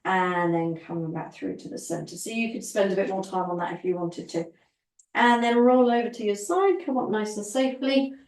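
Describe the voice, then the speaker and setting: A woman teaching a guided Pilates session, giving calm, encouraging step-by-step cues for breathing and movement. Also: mid-range voice, moderate pace, recorded from a distance. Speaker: Pilates instructor. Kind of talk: guided exercise class. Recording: roomy echo, voice from off the mic.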